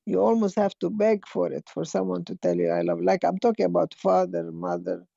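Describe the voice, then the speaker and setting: An older woman from Egypt speaks in a casual online talk, her voice gravelly and dark. She tells personal stories with a gentle laugh now and then. The sound is muffled and dry. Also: lowish voice, brisk, no room sound. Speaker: guest speaker.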